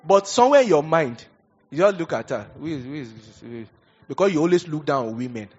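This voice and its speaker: A man preaching a sermon, animated and conversational, acting out little scenes as he goes. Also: a little high, fast talker, lo-fi sound, faint music behind. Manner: animated preaching with acted asides. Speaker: pastor.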